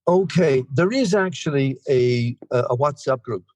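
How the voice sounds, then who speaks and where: A man's voice: mid-range voice, animated, normal speed, darkish tone, no echo. An Irish man in his sixties, sharing his recovery story at a meeting in a rambling, self-deprecating way. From Ireland. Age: 60s. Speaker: guest speaker.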